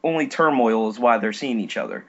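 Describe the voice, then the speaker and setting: Animated swearing man on a lo-fi mic. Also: mid-range voice, fairly quick, noisy background. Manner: animated, swearing, says dude a lot. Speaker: podcast panelist. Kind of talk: casual roundtable chat. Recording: dull lo-fi mic.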